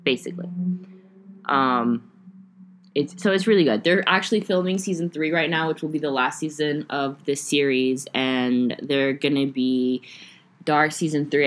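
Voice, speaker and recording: A woman's voice: low-pitched, normal speed. A young woman hosting a casual solo podcast, rambling and chatty with lots of fillers and some swearing. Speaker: podcast host.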